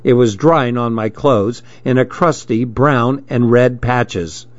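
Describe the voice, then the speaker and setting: Slow, steady male storybook narrator. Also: mid-range voice, no room sound. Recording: dull lo-fi recording.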